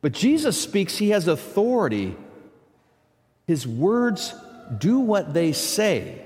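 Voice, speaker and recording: A pastor delivers his sermon in a high, emphatic voice, breaking often into casual asides to the congregation. His words ring out with a long reverb from the church hall around him. He moves between plain talk and stressed, declarative lines. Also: huge pitch swings, slow, a little mellow. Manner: conversational, emphatic, with many asides.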